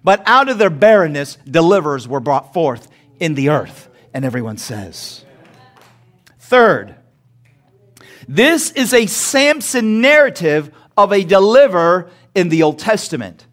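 High-voiced preacher with a lively delivery. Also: male voice, measured pace. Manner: preaching, asking the congregation to repeat words, rising to shouts. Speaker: pastor. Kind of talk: sermon. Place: church sanctuary.

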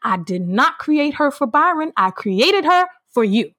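A woman's voice: high voice, very animated, measured pace, a bit bright, dry recording, studio quality, pitched above the performer's own voice, heavily acted. Woman doing a bossy Holy Spirit. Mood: commanding. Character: commanding Holy Spirit urging a man on.

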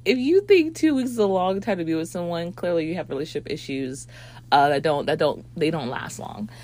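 A woman's voice: on the low side, animated, a little fast, a little mellow, a little hiss or hum. A woman reviewing a movie in a rambling casual chat, with lots of fillers and swearing.

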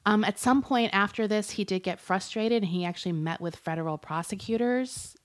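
A woman's voice: mid-range voice, fairly quick. A woman co-hosting a casual podcast, telling a true crime story with lots of fillers, laughs and the odd swear. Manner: chatty and giggly, swears, uses lots of fillers. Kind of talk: casual chat.

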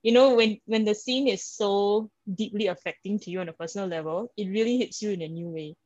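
A chatty woman with a Singaporean English accent, talking casually as a podcast co-host and tossing in "like" and "right?" constantly. Her voice sits at a middling pitch. The recording is dry and a little dull, with no room sound. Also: brisk, a little mellow, no echo. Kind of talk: casual chat.

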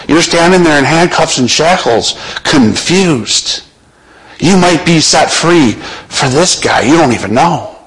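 Slow, dramatic male preacher. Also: fairly high pitch, fairly bright tone, rough recording. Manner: slow and dramatic, retells scripture in the listener's place. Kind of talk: sermon.

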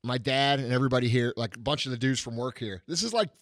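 A man hosting a casual podcast who talks quickly and jumps in with teasing, profane jabs. He is recorded close and dry, with no room sound. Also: medium pitch, a bit bright, no echo. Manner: teasing, profane, blunt interjections. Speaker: podcast host. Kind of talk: casual chat.

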